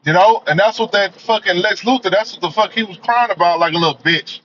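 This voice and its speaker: A man's voice: high-pitched, fairly quick, fairly bright tone, slight background noise. A man giving a profane, emphatic rant as a movie reviewer, filling his talk with "man" and "you know.". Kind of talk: ranting commentary. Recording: dull lo-fi audio.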